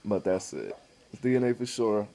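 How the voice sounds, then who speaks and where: A man's voice: on the low side, sing-song, moderate pace, vocal fry, warm tone. A man talking casually to the camera in a blunt, rambling way, full of swearing, about his life. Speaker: vlogger.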